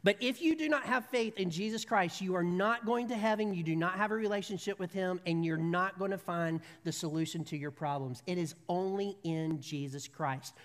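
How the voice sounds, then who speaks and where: A woman's voice: fairly low pitch, moderate pace, few pauses. A woman preaching a sermon in a church, telling stories in a chatty, humorous way before turning earnest. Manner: conversational storytelling, humorous then earnest. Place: church sanctuary. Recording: long reverb of a large hall.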